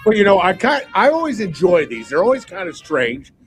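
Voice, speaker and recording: A man's voice: high-pitched, big pitch swings, brisk, faint music behind. A man on a sports radio panel, telling his picks at length with emphatic, rambling restarts. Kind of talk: casual radio sports chat.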